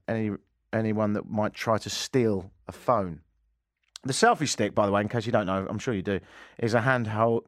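A man's voice: lowish voice, no room sound. A man with a Canadian accent hosting a talk radio show, mocking the news with dry humor. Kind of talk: sarcastic talk radio monologue. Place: radio studio.

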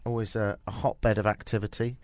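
A man's voice: on the low side, little pitch movement, a little fast, darkish tone, no room sound, studio quality. A young man hosting a radio show, joking and riffing in casual chat. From England. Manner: jokey, playful, riffing.

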